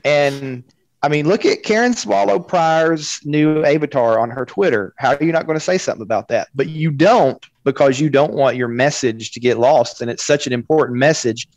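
A man's voice: a little high, normal speed, a little mellow, no echo. Man, podcast co-host, opinionated, emphatic, muffled lo-fi mic, dry. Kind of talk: casual podcast discussion.

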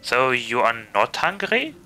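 A man's voice: mid-range voice, huge pitch swings, measured pace, sharp tone, faint music behind. A man playing his character in a tabletop game, chatty and a bit hesitant. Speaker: player. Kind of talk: tabletop role-play in character.

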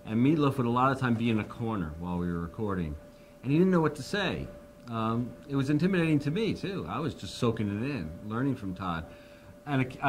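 A man's voice: mid-range voice, slight background noise. A man in his fifties, interviewed, telling a long story and acting out the people he quotes. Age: 50s. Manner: animated, acts out the people he quotes. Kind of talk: anecdotal storytelling.

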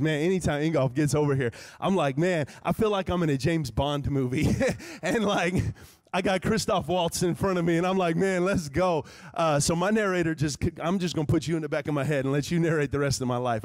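High-voiced preaching man from Texas. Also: no echo, studio quality. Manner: swings from loud preaching to quiet asides; conversational, humorous, with many fillers. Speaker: pastor. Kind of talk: live sermon. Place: church sanctuary.

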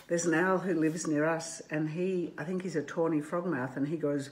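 A woman gently reading her picture book aloud to children, making playful animal noises now and then. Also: deep voice, fairly even intonation, moderate pace, few pauses.

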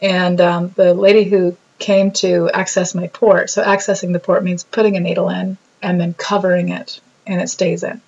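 A woman talking casually about her own hospital stay, telling stories with lively acted-out quotes. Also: normal speed, creaky, few pauses, lo-fi sound. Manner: animated storytelling, acts out quotes in a bubbly high voice. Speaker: vlogger reacting to her own video. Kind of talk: casual reflective chat.

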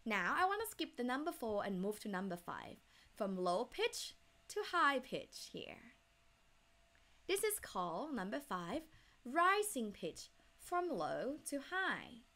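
A woman's voice: fairly high pitch, big pitch swings, slow, bright, forceful tone. A woman with a Thai accent teaching a language lesson step by step, demonstrating tones by drawing out single syllables.

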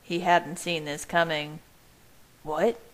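A woman reading fan fiction aloud in a measured, even first-person narration. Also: sits low, clear, resonant tone, low-quality recording.

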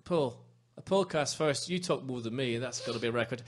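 A man's voice: mid-range voice, brisk. A man from Northern Ireland with a Northern Irish accent, hosting a podcast in rambling, jokey casual chat. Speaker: podcast host.

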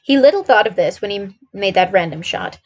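A woman's voice: medium pitch, animated, fairly quick, a little mellow. A woman streamer reading a classic detective novel aloud, narrating steadily with a few small slips.

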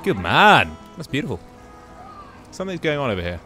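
Brisk and sing-song, this gaming YouTuber's mid-range voice sounds pushed and bright, with faint music behind him. He chats casually while playing, exclaiming and musing aloud throughout.

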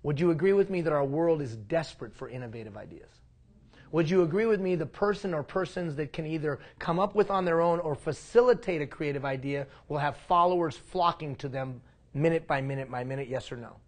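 A man leading a leadership workshop, animated and asking the room questions. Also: on the high side, a little fast. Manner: animated, asks the room questions, acts out mock quotes. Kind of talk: live seminar talk. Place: classroom.

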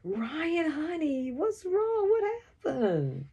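A woman's voice: high voice, huge pitch swings, slow pace, mellow, pitched above the performer's own voice, heavily acted. A woman reading a storybook aloud, voicing a worried mother who comforts her child. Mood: panicked. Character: worried loving mother of young kids.

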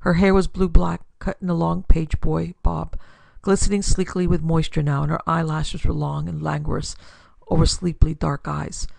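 Gravelly woman narrating pulp fiction. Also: sits low, level tone, moderate pace, darkish tone, no room sound. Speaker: narrator and podcast host. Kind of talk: scripted narration of a pulp detective story.

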